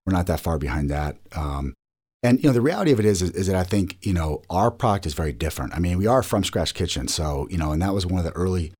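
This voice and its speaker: A man's voice: low-pitched, darkish tone, husky. A man answering interview questions about his restaurant chain, rambling with lots of restarts and repeated words.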